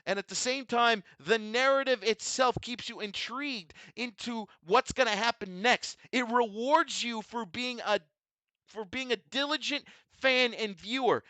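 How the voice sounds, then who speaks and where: A vtuber host reviewing a tokusatsu episode speaks in a very high, pushed, bright voice, unhurried, with no room sound. Emotional and overwhelmed, he gushes as a fan, emphatic and repetitive, swearing freely in praise of the show.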